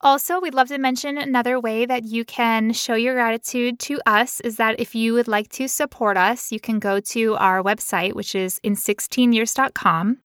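Woman, podcast co-host, higher voice, bright and playful, casual banter. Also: steady tone, moderate pace, few pauses, smooth, dry recording, clean studio sound. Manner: playful, joking, laughs often.

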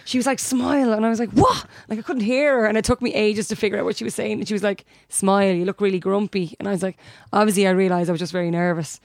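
Irish female co-host, mid-pitched, anecdotal, dry studio sound. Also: fairly even intonation, rapid-fire, hardly any pauses, darkish tone, dry recording. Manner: chatty anecdotal storytelling, acts out other people's lines. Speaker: podcast co-host and DJ. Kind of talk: casual chat.

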